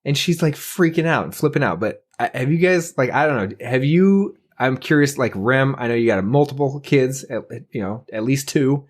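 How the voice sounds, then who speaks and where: A man's voice: mid-range voice, normal speed, few pauses. A man hosting a casual podcast chat, rambling with lots of fillers, laughing often and swearing as he tells stories. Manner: profane, animated storytelling. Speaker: podcast host.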